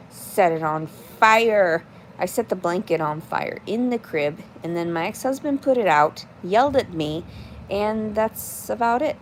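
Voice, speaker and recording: A woman in her thirties talks on a casual livestream at an ordinary middle pitch. She speaks bluntly and curses freely, rambling as she answers her chat. Faint noise hums behind her. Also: expressive, unhurried.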